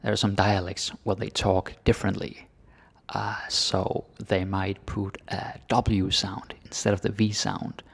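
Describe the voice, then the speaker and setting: A man from Denmark teaching pronunciation in a relaxed, joking way, often dropping into whispers. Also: lowish voice, a little slow, gravelly, husky. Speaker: language teacher. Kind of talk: casual pronunciation lesson.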